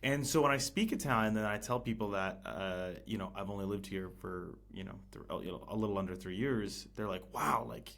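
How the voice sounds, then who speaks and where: A man in casual podcast conversation, talking in a halting way with many restarts and fillers. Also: fairly low pitch, a bit bright. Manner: hesitant, many restarts and fillers, laughs easily. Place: living in Italy.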